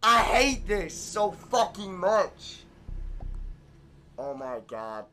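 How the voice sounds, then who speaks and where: A young man giving live commentary on his own gameplay, ranting and swearing in exasperation, swinging from shouts down to muttering. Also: sits high, very animated, drawn-out words, a little hiss or hum. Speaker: gaming streamer.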